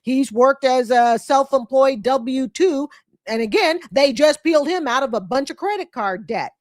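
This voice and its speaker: A commentary host in her late fifties reacts to a clip in a high-pitched voice at a moderate pace, recorded dry and studio-clean. She is blunt and scolding, mocking others with put-on quotes.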